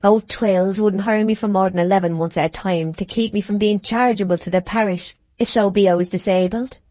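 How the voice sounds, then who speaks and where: A woman reading the part of an aged, testy village maltster in an audiobook, with slow, drawn-out rustic speech. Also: medium pitch, steady tone, mellow, no room sound, close to an everyday voice. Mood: ponderous.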